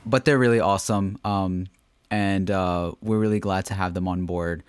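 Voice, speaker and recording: A man's voice: sits low, steady tone, normal speed, clean tone, no echo, clean studio sound. A young man co-hosting a podcast, joking around and laughing often. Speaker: podcast co-host. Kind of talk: casual podcast chat.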